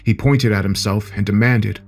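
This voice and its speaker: A man narrating a horror story in a steady, measured way. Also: lowish voice, vocal fry, faint music behind.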